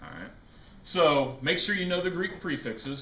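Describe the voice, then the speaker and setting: A man's voice: medium pitch, lively intonation, normal speed, bright, forceful tone. A man teaching a chemistry class, lecturing casually, joking and quizzing his students. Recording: echoey classroom with faint noise.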